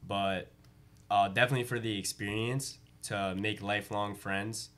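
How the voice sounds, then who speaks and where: A man's voice: on the low side, fairly even intonation, moderate pace, a bit bright. A young man with a Long Island accent, a college student guest speaking earnestly and filling his speech with "like" and "uh". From Long Island, New York. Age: young adult. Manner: earnest, uses many likes and uhs. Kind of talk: casual interview chat.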